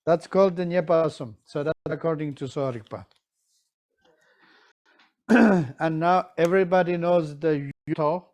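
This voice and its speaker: Slow-talking man teaching, often asking "right?". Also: on the high side. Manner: non-standard English grammar, keeps checking with "right?"; animated, acts out examples. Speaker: teacher of Tibetan medicine. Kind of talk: live teaching session.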